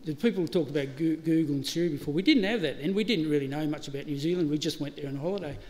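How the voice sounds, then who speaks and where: A middle-aged Australian man speaks at a funeral service hall, his voice fairly high, a little mellow, and very fast. His eulogy is anecdotal and funny, with laughter and acted-out dialogue. The hall sounds reverberant, with faint ambient noise in the background.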